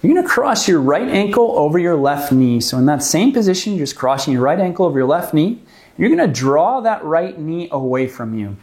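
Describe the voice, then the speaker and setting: A man calmly leading a stretching class, guiding the moves step by step and explaining why each one helps. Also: on the high side, a little fast. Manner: calm, gently coaching, explains the reasons for each move. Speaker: movement class instructor. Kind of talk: guided exercise class instruction.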